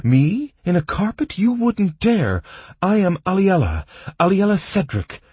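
A woman's voice: fairly low pitch, big pitch swings, unhurried, a little mellow, breathy edge, no echo, pitched above the performer's own voice, exaggerated voice. A man voicing a proud young noblewoman who speaks imperiously. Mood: haughty.

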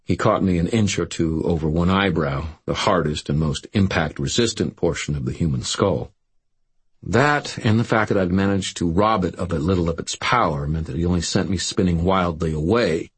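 A man reading a first-person story aloud as an audiobook narrator, telling it in a steady storytelling way. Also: sits low, moderate pace, husky.

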